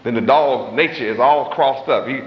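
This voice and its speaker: A man's voice: mid-range voice, slight background noise. A man preaching a sermon in a dramatic, folksy style, stretching out words for emphasis, with chuckling asides and loose grammar. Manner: dramatic, swooping emphasis, slow drawn-out stresses. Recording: echoey hall, muffled old tape.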